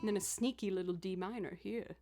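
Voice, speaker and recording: A woman's voice: mid-range voice, brisk. A woman musician chatting casually with her livestream viewers between songs. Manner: chatty, reading chat aloud between songs. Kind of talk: casual livestream chat while playing music. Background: looped instrument music.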